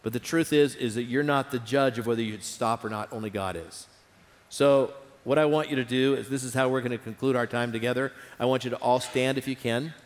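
A man's voice: medium pitch, fairly even intonation, brisk. A man preaching a sermon in an auditorium, earnest and repeating phrases for emphasis. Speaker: pastor. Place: large auditorium. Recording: reverberant hall.

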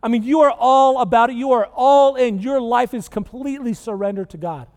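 A man with a high voice for his sex gives a casual, lively sermon, checking in with the room often. His voice rings with the long reverb of a large hall. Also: a little fast. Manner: chatty and animated, tags lines with "right?" and "okay?". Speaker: pastor. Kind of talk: conversational sermon. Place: church sanctuary with live audience.

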